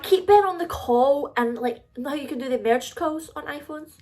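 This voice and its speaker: A young Scottish woman in her twenties telling a story straight to camera. She talks in a chatty, confiding way, packed with fillers, and her voice sits a bit high. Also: moderate pace, faint music behind. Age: 20s. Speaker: vlogger. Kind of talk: casual storytime vlog.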